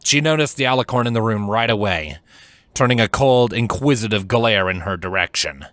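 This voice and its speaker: A man reading fan fiction aloud as scripted narration, measured and steady. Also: fairly low pitch, dry recording. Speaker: fanfiction reader.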